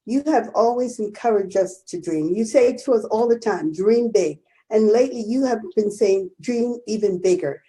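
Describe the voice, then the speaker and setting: A woman's voice: medium pitch, warm tone. A woman co-hosting a live stream, speaking earnestly and gratefully to her guest. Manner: earnest, grateful tribute with many affirming murmurs. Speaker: co-host. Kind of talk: interview chat.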